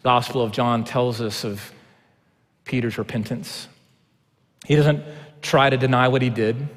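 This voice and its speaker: A man preaching a sermon. He shifts between quiet, low passages and loud, impassioned stretches. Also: steady tone, unhurried. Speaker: pastor. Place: church sanctuary. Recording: long hall reverb.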